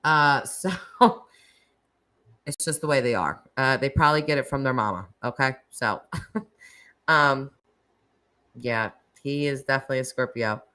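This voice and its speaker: Woman, middle-aged, live stream host, low voice, chatty and laughing. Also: a little slow, long pauses, bright, forceful tone, rough recording. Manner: chatty, laughs often, restarts. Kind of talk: casual live chat with callers.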